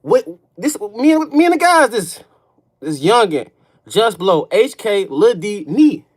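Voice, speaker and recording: Man, 30s, Chicago accent, livestream storytelling, street slang, profane, swings between murmurs and loud bursts. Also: high-pitched, sing-song, a little slow. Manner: emphatic, profane street talk, peppers lines with "folk" and "bro". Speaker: livestream host. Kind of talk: casual storytelling to a live audience.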